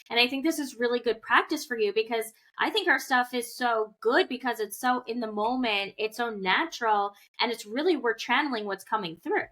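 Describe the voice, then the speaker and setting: Woman co-host, high-ish bright tone, reflective and supportive, casual chat. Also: moderate pace. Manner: reflective, peppers speech with "like"; supportive, asks gentle questions. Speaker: podcast co-host.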